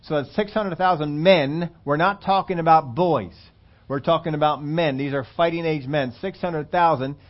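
A man's voice: a little high, normal speed. A man preaching a sermon, reading scripture and telling stories with emphatic repetition. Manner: animated storytelling, emphatic repetition. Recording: dull lo-fi recording.

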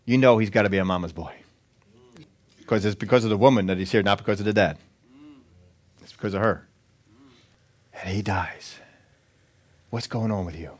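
Pastor, male, animated sermon delivery, acts out quotes in shifting voices. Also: lowish voice, moderate pace, long pauses. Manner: animated preaching, acting out quotes in changing voices.

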